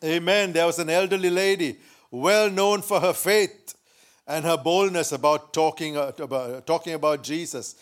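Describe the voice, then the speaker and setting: A man preaching a sermon, telling a story with shouted quotes and frequent laughter. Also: a little high, moderate pace. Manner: lively, laughs often, shouts quoted lines. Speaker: pastor.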